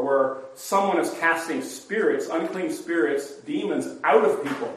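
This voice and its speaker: A man's voice: unhurried, hardly any pauses, far from the mic, slight background noise. A man leading an informal Bible study, explaining passages in a conversational way and acting out the quoted voices. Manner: conversational, acts out the quoted voices with rising pitch. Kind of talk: informal Bible class teaching. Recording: roomy hall recorded from afar.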